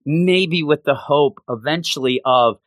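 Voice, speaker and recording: Guy on a podcast recapping a story, bit high voice, acts out the lines, dry close sound. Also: unhurried, dry recording. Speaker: podcast co-host recapping a game. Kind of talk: casual chat.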